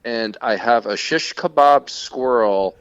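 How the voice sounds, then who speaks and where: A man co-hosting a podcast, telling a casual, profane story in an animated way. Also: medium pitch, slow, clean tone, no room sound. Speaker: podcast co-host. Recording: dull lo-fi sound.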